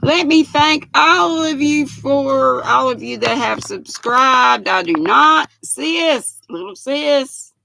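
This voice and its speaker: Older woman with a gravelly voice, unhurried pace as she hosts a casual livestream and reads the chat aloud. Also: sits high, expressive, pushed and bright, a little hiss or hum. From United States. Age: 60s. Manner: greets viewers by name, reads chat aloud. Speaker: livestream host.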